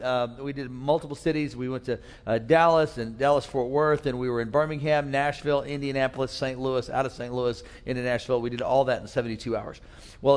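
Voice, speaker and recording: A pastor with a mid-range voice preaches a sermon in a big, echoing room. He tells a funny story from his own life and acts out different voices to get laughs.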